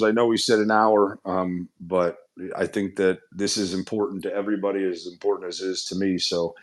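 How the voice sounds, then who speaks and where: Exec guy running a shareholder q&a, lowish voice, earnest and upbeat, keeps restarting his sentences. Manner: earnest, upbeat, talks in loose run-on restarts. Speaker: company executive hosting a shareholder Q&A. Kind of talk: casual conference-call Q&A.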